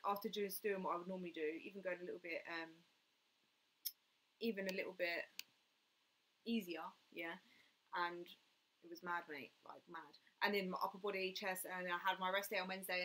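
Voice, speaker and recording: A woman's voice: mid-range voice, a bit bright. A young woman hosting a casual fitness live stream, chatting and answering viewer comments with lots of "like" and "mate".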